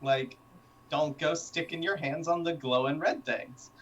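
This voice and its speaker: Halting, storytelling male panelist. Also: a little high, steady tone, fairly bright tone, lo-fi sound. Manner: halting starts, anecdotal storytelling. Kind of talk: casual chat.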